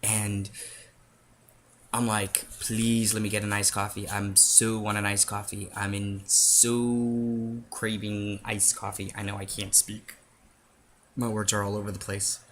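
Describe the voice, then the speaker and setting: Rambling low-voiced man telling a story. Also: completely flat delivery, unhurried, a bit bright, slight background noise. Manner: rambling, self-interrupting, chatty. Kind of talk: casual story time vlog.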